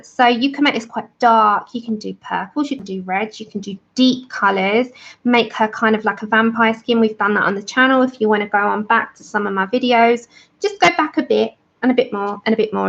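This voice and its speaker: A woman's voice: fairly high pitch, fairly bright tone. Chatty woman streaming, muffled sound. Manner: chatty and enthusiastic, greets viewers by name. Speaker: livestream host of a colouring channel. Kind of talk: casual livestream chat with viewers.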